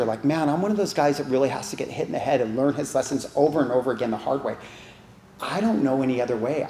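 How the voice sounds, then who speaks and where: A man tells his story at a support group meeting, candid and emotional, often circling back and restarting his sentences. His voice sits at a medium pitch and comes through roomy video-call audio, with a faint hiss of noise behind it. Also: darkish tone. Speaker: recovery meeting speaker. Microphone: online video call.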